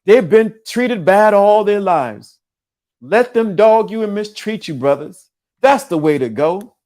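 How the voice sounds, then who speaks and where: A man hosting a casual livestream, talking in an animated way, often laughing and using streetwise slang. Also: high-pitched, measured pace. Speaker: livestream show host.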